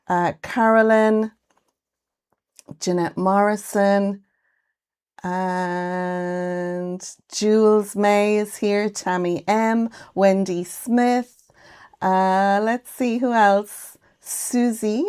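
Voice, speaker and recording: A woman's voice: mid-range voice, darkish tone, smooth. An Irish woman hosting a casual craft livestream from her home craft room, chatting and greeting viewers by name. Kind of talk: casual live-stream chat.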